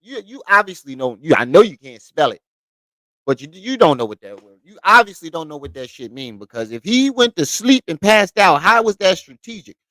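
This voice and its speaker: A man's voice: a little high, very animated, fairly quick, fairly bright tone, no room sound, rough recording. A man giving heated reaction commentary, scolding and mocking the person in the clip and repeating his points. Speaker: commentary host reacting to clips.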